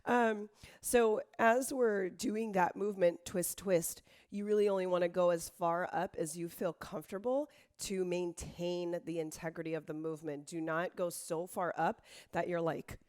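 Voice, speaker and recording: A woman in her thirties teaching an online dance lesson, hoarse from being sick and tired, counting beats and calling out moves while she dances. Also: on the low side, fairly even intonation, moderate pace, a little mellow. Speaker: dance instructor.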